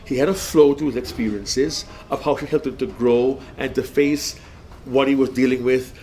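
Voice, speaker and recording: A man's voice: medium pitch, fairly even intonation, normal speed, warm tone, slight background noise. A man, a public speaking coach, critiquing a speech in a casual panel talk, emphatic and repeating key phrases.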